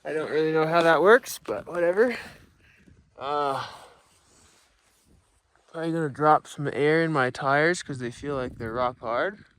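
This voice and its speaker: A man's voice: on the high side, a little slow, pauses often, fairly bright tone, clean tone. Tired, hesitant man on a cold mountain. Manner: hesitant, many fillers. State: cold and tired at high altitude. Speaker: mountain biker on expedition. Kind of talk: casual vlog chat. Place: outdoors on a windy high mountain.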